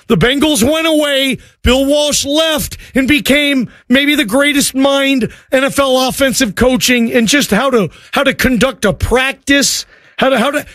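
A man's voice: extremely high pitch, a bit bright, no echo, studio quality. A man hosting a sports talk show, arguing emphatically and often repeating words. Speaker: sports radio host. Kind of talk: sports talk radio rant.

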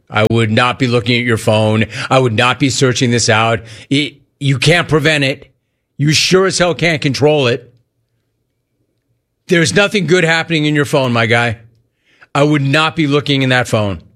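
A man's voice: medium pitch, fairly bright tone. A man hosting a sports talk radio show, talking in an emphatic monologue that hammers key lines home by repeating them. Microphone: studio broadcast mic.

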